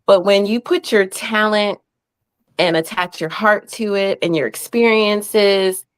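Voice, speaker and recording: A woman hosting a live-stream interview, affirming her guest and speaking haltingly, with many fillers. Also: medium pitch. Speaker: host.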